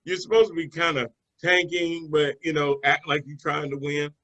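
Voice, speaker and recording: Man, sports co-host, bright tone, easygoing and chatty, with fillers. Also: a little high, fairly even intonation, moderate pace, low-quality recording. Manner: conversational, loose with fillers and restarts. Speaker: sports talk show co-host. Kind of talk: casual sports analysis chat.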